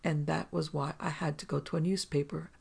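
A reader voicing a calm detective who speaks steadily and gently, with a gravelly, husky voice. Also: medium pitch, a little fast.

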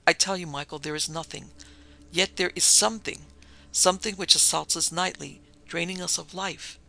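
Older man, grim and worn down, gravelly and bright-edged, read by a male narrator. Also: fairly high pitch, fairly even intonation, moderate pace. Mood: despairing.

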